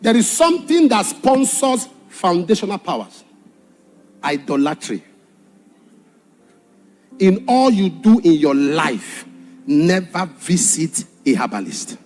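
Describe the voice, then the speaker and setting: A man preaching a sermon with passion, swinging from shouted warnings to hushed storytelling. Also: high-pitched, big pitch swings, takes it slowly, long pauses, slight background noise.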